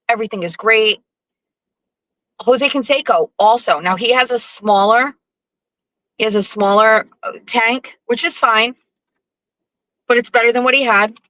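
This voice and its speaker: A woman hosting her own show, telling a profane, animated story with sarcastic asides in a casual live-stream monologue. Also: a little high, normal speed, pauses often, no room sound, low-quality recording. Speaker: show host.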